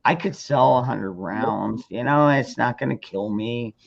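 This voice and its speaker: A man's voice: medium pitch, a little slow, gravelly. A man chatting casually in an easygoing, profane way. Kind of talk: casual chat. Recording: muffled lo-fi audio.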